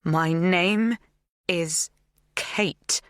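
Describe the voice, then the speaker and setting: A woman's voice: lowish voice, moderate pace, creaky, a bit bright, no echo, studio quality. A woman voicing a shaken, wary young woman in an audiobook, speaking in tense, clipped lines.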